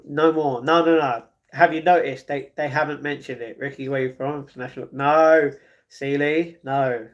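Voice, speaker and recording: A man's voice: medium pitch, dull audio. A man live streaming, chatting casually and reading viewer comments aloud, often laughing.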